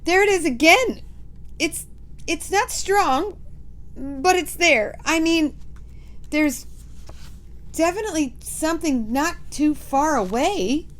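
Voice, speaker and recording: A screeching tall witch, her voice shooting high and loud. She stammers and gasps in excitement as she sniffs, shrill and urgent. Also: slow pace, long pauses. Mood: excited urgent. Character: shrieking tall female witch sniffing loudly. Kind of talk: storybook reading with voices.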